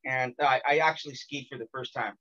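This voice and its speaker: A man's voice: mid-range voice, a little fast, muffled recording. An American man hosting a podcast, chatting casually and teasing his guest with jokes. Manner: joking, teasing, energetic. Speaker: podcast host. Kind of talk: casual interview chat.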